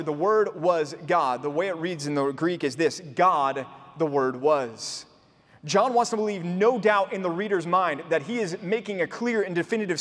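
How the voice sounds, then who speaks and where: Echoing through a church hall's long reverb, a strikingly high-voiced pastor delivers a sermon. He works earnestly through the scripture, repeatedly breaking off to ask his congregation rhetorical questions.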